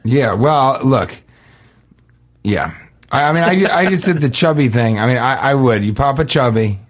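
A man's voice: medium pitch, animated, moderate pace. Male podcast co-host, casual comic reader of listener questions, dry offhand riffs. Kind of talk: casual comedic chat.

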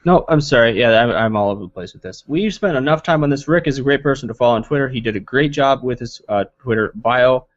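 A man's voice: mid-range voice, fast talker, few pauses. A man co-hosting a casual tech podcast, rambling and correcting himself as he jokes along. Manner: rambling, self-correcting, joking. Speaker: podcast co-host. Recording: dull lo-fi dry sound.

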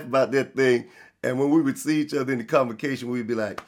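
A man preaching a sermon, his mid-pitched voice rough with gravel and fry. He swings between fast, loud emphatic rises and slow, drawn-out stresses on key words. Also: fairly even intonation. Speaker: pastor.

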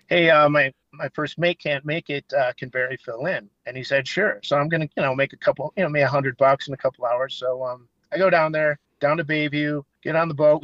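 A man telling casual, animated stories as a guest, now and then swearing and acting out what people said. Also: fairly high pitch, no room sound. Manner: animated, swearing, acts out quotes. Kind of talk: casual storytelling. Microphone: phone line. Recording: dull phone-line audio.

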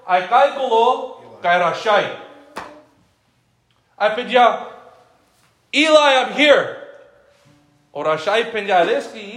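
High-voiced man preaching in an echoey church. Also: a bit bright. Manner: preaching with rhetorical questions, calling out congregants by name; switches between English and Romani. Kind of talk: sermon. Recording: roomy echo with faint music.

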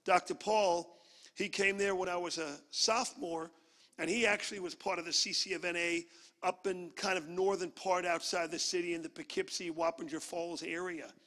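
A man from Brooklyn, New York, preaching a sermon as a guest preacher, energetic and humorous. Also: high voice, moderate pace, big-room sound.

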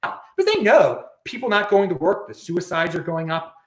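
A man hosting a casual political commentary show rants from an echoey room, his high voice sing-song at a moderate pace. He keeps repeating words and starting over.

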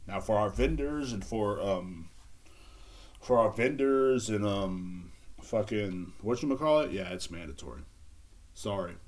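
Man hosting a solo podcast, crude rambling jokes, swooping animated pitch. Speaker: podcast host. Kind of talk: casual solo podcast monologue. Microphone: handheld recorder.

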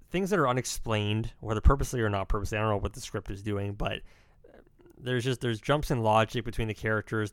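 Young male podcast co-host; quick, rambling, opinionated delivery in a dry, close sound. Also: lowish voice, no room sound. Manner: rambling, self-correcting, opinionated. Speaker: podcast co-host reviewing films. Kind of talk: casual chat.

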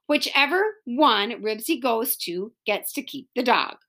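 A woman reading aloud, voicing a bossy, fair-minded boy who runs a contest in a brisk, official way. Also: a little high, expressive, sharp tone, heavily acted.

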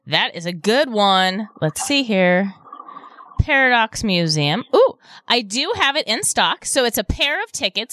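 A bubbly woman hosting a radio shopping show, her voice bright and pitched a little high, swinging up and down as she reads out each deal. She speaks into a studio mic in a dry, close room. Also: no room sound. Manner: bubbly, cooing "ooh" over deals. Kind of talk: live radio shopping segment. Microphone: studio microphone.

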